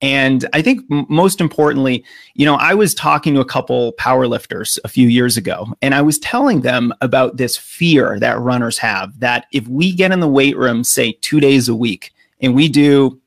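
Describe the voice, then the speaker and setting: A man's voice: medium pitch, vocal fry, no room sound, studio quality. A middle-aged American man, a running coach, explaining training earnestly in a podcast interview with frequent filler words. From United States.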